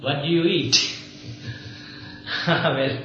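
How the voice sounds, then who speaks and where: A man's voice: fairly high pitch, drawn-out words, bright, forceful tone. A man, a Buddhist monk, telling an anecdote to a small group, often chuckling and acting out the other speakers' lines. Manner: chuckling storyteller, acts out dialogue. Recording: echoey dull old tape, faint hiss.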